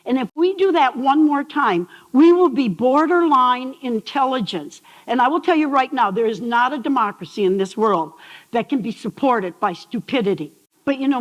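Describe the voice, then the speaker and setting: An older woman, a behavioral psychologist, telling stories on stage and asking the audience questions in a lively talk. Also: fairly high pitch, in a large hall, low-quality recording. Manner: animated storyteller, asks the audience questions. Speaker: speaker. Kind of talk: TEDx talk. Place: large hall on stage.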